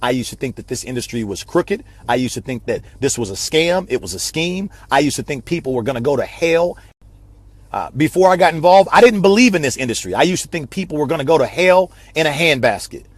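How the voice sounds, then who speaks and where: A man's voice: on the high side, expressive, a little fast, no echo. A man giving a passionate, repetitive motivational talk on a live video stream, like a preacher. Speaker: network marketing speaker.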